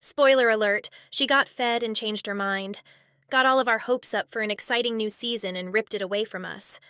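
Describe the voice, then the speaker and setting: Woman commentary host, snarky and deadpan, smooth clear voice, dry close mic. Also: fairly high pitch, normal speed, no echo. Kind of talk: sarcastic commentary narration.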